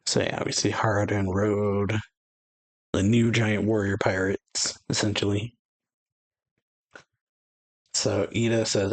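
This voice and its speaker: A man's voice: fairly low pitch, flat delivery, slow, pauses often, dry recording, poor audio. A man hosting an anime reaction, casually reading a manga chapter aloud with many fillers and restarts.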